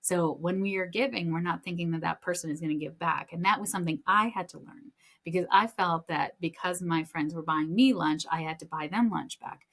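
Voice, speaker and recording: Female podcast host, low-pitched, chatty storyteller with fillers, upbeat spiritual chat. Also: a little fast, fairly bright tone. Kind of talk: casual spiritual talk.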